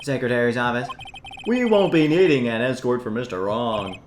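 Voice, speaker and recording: A man's voice: mid-range voice, lively intonation, background noise, close to an everyday voice. A man putting on a pompous scheming villain. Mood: smug. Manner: haughty, theatrical, drawn-out. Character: pompous scheming rich male villain, middle-aged. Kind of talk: fan voicing of a game playthrough. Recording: roomy echo, game music. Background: game music.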